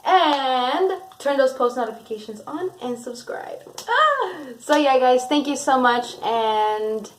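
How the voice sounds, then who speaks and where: A young woman vlogging a storytime, chatty and animated with plenty of fillers. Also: high voice, measured pace, hardly any pauses, low-quality recording. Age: young adult. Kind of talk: storytime vlog.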